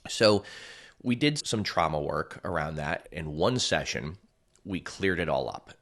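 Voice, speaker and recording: A man and coach telling a personal story in a casual, chatty way, often using "like" and acting out what people said. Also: unhurried. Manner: animated, acts out quoted voices with big pitch jumps; chatty, filler-heavy with frequent "like". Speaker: energy healing and hypnosis coach.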